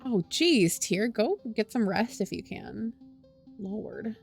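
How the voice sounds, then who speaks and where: A woman's voice: a little high, animated, slow pace, darkish tone, faint music behind. A woman streamer reading a story game aloud and reacting with sighs, groans and swearing. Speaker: VTuber streamer.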